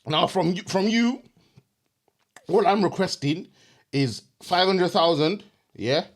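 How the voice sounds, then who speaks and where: A young man, co-hosting a comedy podcast and doing a slangy mock business pitch. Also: expressive, slow. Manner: slangy, giggling fits, sleep-deprived. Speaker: podcast co-host.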